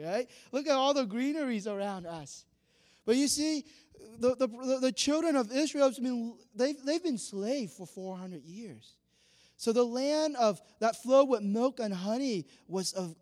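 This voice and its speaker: A high-pitched man delivers a lively sermon, acting out the voices of the people he quotes. His words ring out with a long reverb, as in a large hall. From Vietnam. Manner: animated, acts out quoted dialogue, laughs often. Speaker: pastor.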